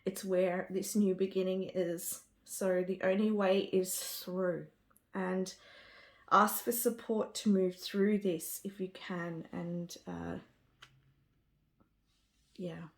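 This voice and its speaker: A woman's voice: medium pitch, steady tone, slow pace. A woman giving a spiritual card reading to camera. She talks with gushing enthusiasm and often trails off and restarts. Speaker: tarot card reader.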